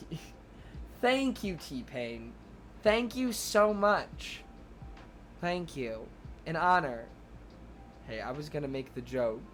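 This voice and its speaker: Rambling young male streamer, swearing. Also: on the high side. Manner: rambling, fills every phrase with "like", swears a lot; breaks off to thank viewers, laughs at himself. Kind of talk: casual storytelling to a live chat.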